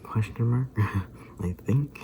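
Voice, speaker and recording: A man's voice: lowish voice, takes it slowly, mellow, a little hiss or hum. A man in his twenties chatting casually in a rambling vlog, chuckling often as he retells things. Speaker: vlogger.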